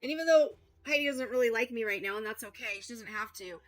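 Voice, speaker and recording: A woman's voice: fairly high pitch, fast, no echo, poor audio. A woman hosting a heated reaction stream, talking back in a combative, sarcastic and profane way.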